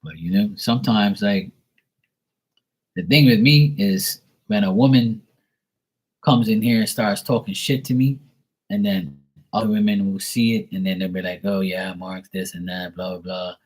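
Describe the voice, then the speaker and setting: A man's voice: on the low side, steady tone, moderate pace, a little mellow, husky. A man giving live tarot readings, talking bluntly and profanely in a casual monologue, acting out others in mocking voices.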